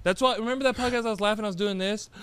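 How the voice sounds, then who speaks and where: Goofy high-voiced man. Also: racing, a bit bright, clear, resonant tone. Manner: goofy, self-mocking. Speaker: podcast host. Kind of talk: casual chat.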